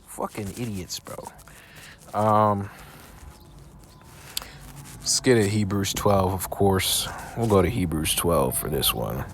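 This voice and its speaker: A man preaching scripture commentary while reacting to a video, profane and scornful, reading verses slowly. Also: low voice, slight background noise. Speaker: online preacher.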